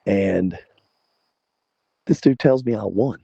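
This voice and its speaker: Speaking slowly with vocal fry and a slightly rough edge, this fortysomething interview guest from South Carolina pitches his voice on the low side. He's animated and laughing as he tells a casual story, playing the other characters himself. There's no room sound, just a dry, somewhat dull lo-fi quality.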